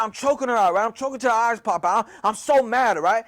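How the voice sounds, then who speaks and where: A young man casually telling a story in slangy, profane, animated talk with a lot of repetition. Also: extremely high pitch, brisk, hardly any pauses. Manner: slangy, profane, animated retelling with many repeats.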